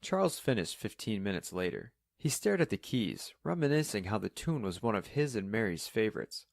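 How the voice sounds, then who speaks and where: Brief: calm male narrator, low voice, dry close sound, steady storybook delivery. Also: fairly quick, vocal fry, no room sound. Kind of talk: scripted audiobook narration.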